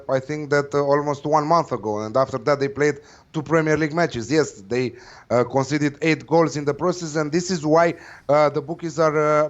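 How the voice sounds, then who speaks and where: Hesitant man, muffled audio. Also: medium pitch. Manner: hesitant, many uh fillers, confident opinions. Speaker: football betting pundit. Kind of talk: casual panel chat.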